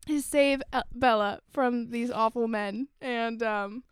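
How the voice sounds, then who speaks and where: A woman with a fairly high, smooth and clear voice, chatting casually as a podcast co-host while she recaps a film. She laughs easily and giggles through her sentences. The sound is close and dry. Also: slow, hardly any pauses, dry recording. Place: on a road trip with friends.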